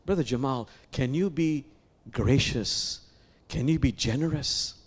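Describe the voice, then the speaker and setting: A man leading a sermon as imam, speaking in an animated way with repeated phrases and questions to the listeners. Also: mid-range voice, a little slow, slightly rough. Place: sanctuary.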